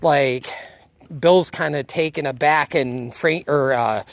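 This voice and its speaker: A video reviewer with a mid-range voice takes their time recapping a TV episode casually, in a dry recording. They act out bits of dialogue and wander, occasionally losing the thread.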